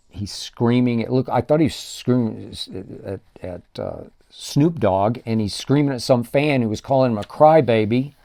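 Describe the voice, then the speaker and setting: An older man holds forth alone on his sports show, pressing every point with stacked, punchy superlatives. His voice sits in an unremarkable middle register, with a dark, mellow colour. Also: medium pitch. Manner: emphatic, builds lists of punchy superlatives. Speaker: sports talk show host. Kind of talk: solo sports commentary monologue.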